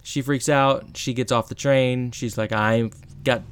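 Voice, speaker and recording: A man's voice: medium pitch, unhurried, a little hiss or hum. A man co-hosting a podcast, casually retelling a TV episode with lots of fillers. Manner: relaxed storytelling with filler words. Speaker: podcast co-host. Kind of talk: casual recap chat.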